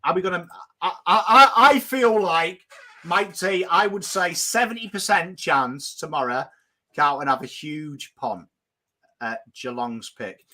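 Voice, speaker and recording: Bright-voiced man hosting footy chat. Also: a little high. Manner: animated, does quick impressions, swears casually. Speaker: podcast host.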